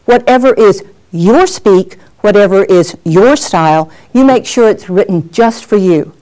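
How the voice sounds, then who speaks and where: Lively woman coaching on-camera skills. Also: mid-range voice, measured pace. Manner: lively, animated, acts out examples. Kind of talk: workshop lesson.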